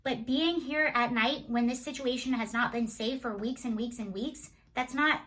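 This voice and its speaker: Young woman, opinion vlogger, indignant, bright forceful delivery, slightly high pitch. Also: rough recording. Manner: indignant, rapid rhetorical questions. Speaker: political commentator. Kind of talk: opinion vlog monologue.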